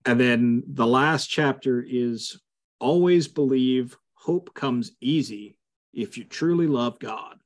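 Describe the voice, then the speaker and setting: A man's voice: mid-range voice, takes it slowly. Man leading a casual Bible study. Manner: conversational, frequent fillers, emphatic asides. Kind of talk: casual teaching over a video call. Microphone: video call.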